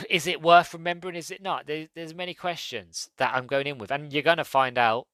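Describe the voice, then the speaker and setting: Bright-voiced man rambling a review. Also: a little high, a little fast, no echo. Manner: rambling, self-correcting, chatty. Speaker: podcast host. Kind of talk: casual solo movie review.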